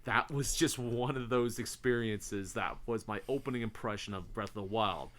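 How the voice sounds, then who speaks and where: A man's voice: fairly low pitch, moderate pace. Rambling, cursing podcast co-host man. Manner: rambling, swears freely, excitable storytelling. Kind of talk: casual chat.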